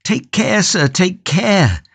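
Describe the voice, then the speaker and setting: A man's voice: animated, measured pace. A man voicing an anxious male prisoner who pleads to save his tulip. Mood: pleading. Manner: pleading, higher and tense.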